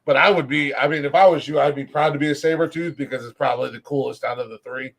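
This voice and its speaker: A man's voice: medium pitch, steady tone, fast. A man co-hosting a comedy podcast, chatting crudely and rambling with frequent laughs. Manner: profane, rambling, laughs often. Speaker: podcast co-host. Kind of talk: crude casual comedy chat.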